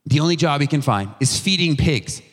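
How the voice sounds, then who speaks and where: A young man preaches to a youth group in a chatty, animated way, full of slang and quick restarts. His voice sits a little high for a man. The sound rings with a long reverb, as in a church hall. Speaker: youth pastor. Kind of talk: casual youth sermon.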